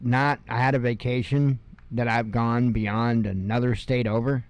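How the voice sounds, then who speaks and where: A man in his fifties reads out news headlines one after another, stopping to toss in sarcastic, chuckling remarks. He talks slowly and unhurriedly, and his voice comes through smooth and clear, recorded dry and close to the mic. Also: medium pitch, fairly even intonation, dry recording. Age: 50s. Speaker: news show host. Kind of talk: casual headline reading with commentary.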